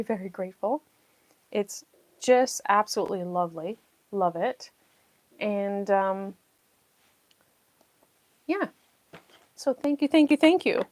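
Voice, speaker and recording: A woman's voice: mid-range voice, dry recording. A woman hosting a casual livestream while she builds a jigsaw puzzle, chatting freely and thanking her viewers effusively.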